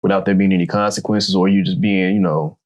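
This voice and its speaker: Low-voiced man, emphatic and slangy. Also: little pitch movement, quick pace, darkish tone. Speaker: podcast co-host. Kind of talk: casual chat.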